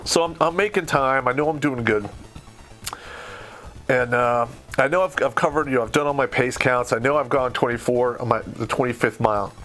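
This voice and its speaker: A man's voice: mid-range voice, fairly bright tone. A middle-aged man from Michigan telling a war story in casual, blunt, profanity-heavy podcast talk. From Michigan, USA. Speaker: podcast host.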